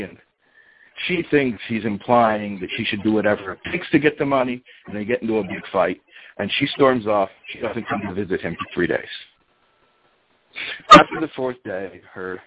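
A man with a fairly low voice tells a story in a relaxed, conversational way, dropping in fillers and asides to the listeners. The recording sounds dull and lo-fi. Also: slight background noise. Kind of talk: casual oral storytelling.

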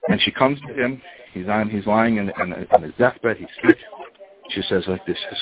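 Low-voiced man telling a story. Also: normal speed, muffled recording. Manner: chatty, with fillers and asides to listeners. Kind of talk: casual oral storytelling.

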